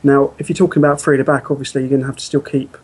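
Fast-talking man with faint background noise. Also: mid-range voice, little pitch movement, darkish tone. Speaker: co-host. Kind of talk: casual chat.

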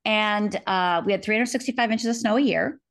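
A middle-aged woman from Upper Michigan speaks as an interview guest. Her voice sits at a mid pitch, and she tells her story earnestly and vividly, slipping into the voices of the people she quotes. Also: a little fast. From Upper Michigan, USA. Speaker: author and guest.

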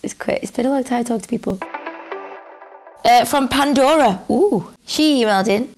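A woman's voice: fairly high pitch, normal speed, darkish tone, soft background music. A woman co-hosting a podcast, chatting casually and giggling a lot while reading out listener letters. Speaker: podcast co-host. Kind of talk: casual chat.

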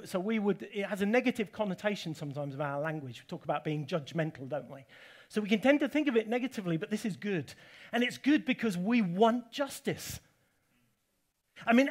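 A man from England delivers a sermon with a fairly high voice. He preaches emphatically, swinging between forceful declarations and casual, conversational asides to his listeners in a church hall.

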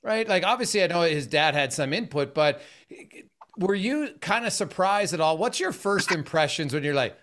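Higher-voiced male podcast host. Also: animated, moderate pace, a bit bright. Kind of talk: casual interview questions.

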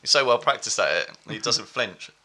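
A man's voice: mid-range voice, animated, normal speed, sharp tone. A man reviewing beers on a podcast, easygoing and laughing often in casual chat.

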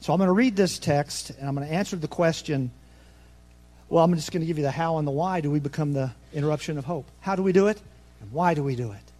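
A pastor preaching a sermon, nervous and fast-talking, with folksy asides that swing between soft remarks and loud, ringing proclamation. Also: male voice, a little high. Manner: folksy, self-deprecating asides.

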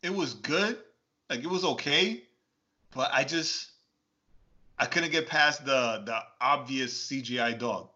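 A man co-hosting a podcast in casual chat, telling stories in an animated, exclaiming way and laughing often. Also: medium pitch, a little slow, long pauses. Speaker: podcast co-host. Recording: dull, lo-fi podcast audio.

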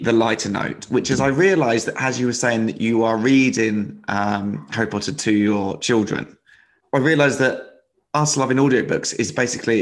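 A man co-hosting a podcast in casual chat, easygoing, asking questions and chuckling. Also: mid-range voice. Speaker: podcast co-host.

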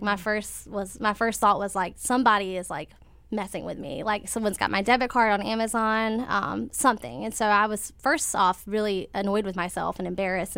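A woman's voice: medium pitch, a bit bright, clean tone, no room sound. A young woman, telling a personal story in casual conversation, full of fillers and little laughs. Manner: chatty, many fillers, laughs while telling.

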